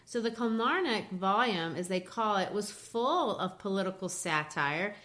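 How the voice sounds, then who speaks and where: A woman co-hosting a literature podcast, explaining a poem in a relaxed, animated way with light laughs. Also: medium pitch, measured pace. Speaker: podcast co-host. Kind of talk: casual literature discussion.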